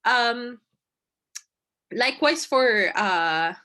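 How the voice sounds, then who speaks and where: A woman's voice: fairly high pitch, lively intonation, very slow, pushed and bright. A woman giving a casual debate lecture, conversational and emphatic, often tagging points with "right?" and repeating phrases for stress. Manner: conversational, frequent "right?" and "you know" asides.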